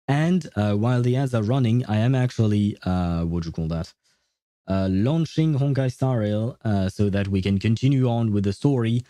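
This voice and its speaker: A man's voice: on the low side, moderate pace, warm tone, no echo. A man streaming a game, chatting casually and thinking aloud with many fillers and restarts. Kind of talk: casual livestream chat.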